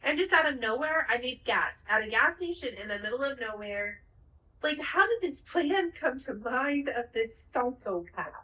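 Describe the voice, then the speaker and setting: A woman co-hosting a podcast in casual chat, retelling a TV finale with lively acted-out lines and plenty of swearing. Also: sits high, normal speed, roomy sound, recorded from a distance, low-quality recording. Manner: animated retelling, acts out the characters' lines, swears freely. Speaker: podcast co-host.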